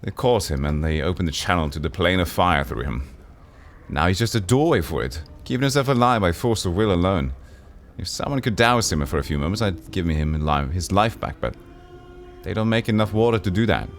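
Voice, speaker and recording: A man's voice: low-pitched, expressive, a little fast, soft background music. A man voicing a despairing, sardonic aging woman who turns frantic and pleading, read from a game. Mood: weary sardonic. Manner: wistful, then frantic and pleading.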